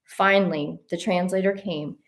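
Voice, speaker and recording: A woman telling a personal travel story in a casual, animated way. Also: fairly low pitch, moderate pace. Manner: animated, addresses listeners as y'all. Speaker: host.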